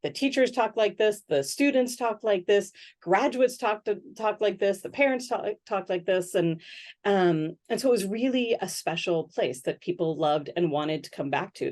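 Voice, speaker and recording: A middle-aged woman with a slightly low voice, talking through her research in an easygoing interview. She thinks aloud, peppers her answers with little "right?" checks and livens up when she quotes other people. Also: unhurried. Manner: thoughtful, many "um"s and "right?" tags, animated when quoting others. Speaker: sociologist and author, interviewee.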